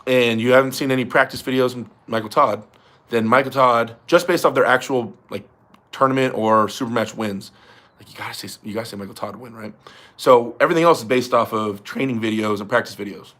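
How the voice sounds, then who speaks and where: Here a young man runs a casual livestream, reading comments from viewers in a laid-back style, laughing often and swearing without a second thought. His mid-range voice moves a little fast and has a fairly bright tone.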